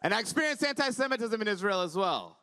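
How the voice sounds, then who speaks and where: A man doing animated stand-up comedy on a conference stage, telling stories with voiced asides. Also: high voice, fast, smooth. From Iran. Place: conference stage before a live audience.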